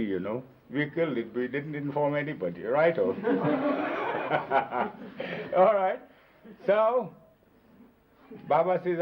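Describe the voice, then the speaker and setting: An older man tells lively anecdotes about life with his spiritual master. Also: mid-range voice. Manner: lively anecdotal, animated emphasis. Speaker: disciple telling stories of his master. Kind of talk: storytelling reminiscence. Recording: dull lo-fi 1970s videotape.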